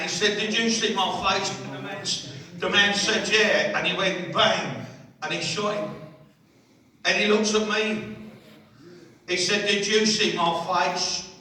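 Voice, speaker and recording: A man, doing a stand-up routine in a holiday village hall, chatting with the crowd and delivering punchlines deadpan. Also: sits high. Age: 60s. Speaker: stand-up comedian. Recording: echoey hall from far off.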